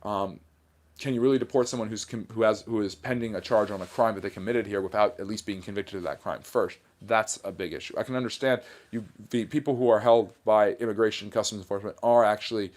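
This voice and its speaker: Guy with a lowish voice reading chat on his livestream, blunt and a bit sarcastic. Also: a little mellow. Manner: reads viewer comments aloud and answers them; plainspoken, argumentative, mildly sarcastic.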